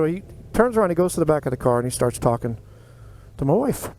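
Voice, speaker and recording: A man with a high, light voice tells a story in an animated, conversational way, acting out his own replies. He speaks outdoors, with clear traffic and street noise running behind him. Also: fast talker. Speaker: vlogger telling a personal story. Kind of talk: casual storytelling.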